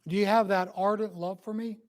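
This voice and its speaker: A man's voice: high voice, steady tone, fairly quick. A man preaching an earnest, emphatic sermon as a church minister.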